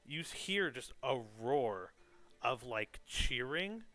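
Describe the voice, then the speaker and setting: A man's voice: medium pitch, animated, takes it slowly, background noise. A man narrating a tabletop game as game master, in a loose, descriptive way. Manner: loose, descriptive, lots of "like" and "kind of".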